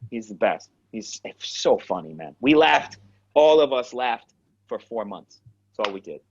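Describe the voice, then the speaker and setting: A man, an actor and acting coach, telling lively stories in a casual interview, acting out the voices and swearing freely. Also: mid-range voice, a little slow, vocal fry, slight background noise. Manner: animated storyteller, acts out quotes, swears freely. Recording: dull lo-fi sound.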